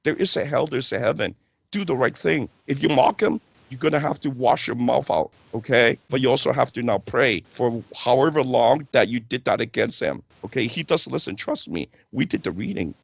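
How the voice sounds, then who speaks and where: A man's voice: medium pitch, expressive, brisk, creaky, no room sound, muffled recording. A man hosting a casual spiritual talk show, preaching and checking in with "right?" and "okay?".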